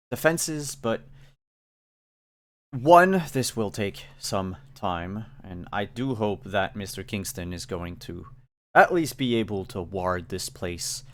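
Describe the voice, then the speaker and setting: A man voicing an irritable male scientist who grumbles sarcastically about losing his experts. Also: lowish voice.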